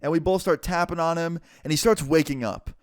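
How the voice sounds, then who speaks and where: Male vlogger, casual story-time narrator, smooth clear voice, dry close mic. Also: fairly high pitch, dry recording. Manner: chatty, quick to act out people he quotes, lots of "like".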